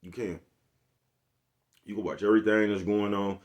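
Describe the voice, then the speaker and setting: Speaking at a normal speed with a lowish voice and fairly even intonation, a channel host delivers a casual vlog monologue. He rants in a slangy, easygoing way and often asks, "you get what I'm saying."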